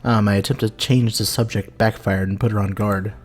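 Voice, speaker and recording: A quiet, wry teenage boy telling the story of his school day, read aloud by a man. His narration is dry and low, with faint game music behind. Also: fairly even intonation, brisk, lightly acted.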